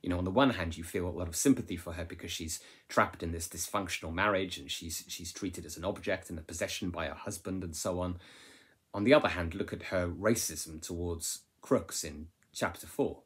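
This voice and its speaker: A man's voice: deep voice, a little fast, husky. A man teaching a literature lesson in a conversational way, often checking in with rhetorical tag questions. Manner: restarts and fillers while explaining. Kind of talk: recorded lesson on a novel.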